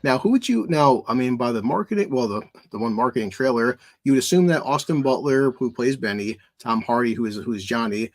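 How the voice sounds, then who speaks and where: A man's voice: medium pitch, animated, a little fast, hardly any pauses. A man hosting a casual movie review podcast, rambling with frequent restarts. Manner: rambling, many restarts and fillers. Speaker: podcast host.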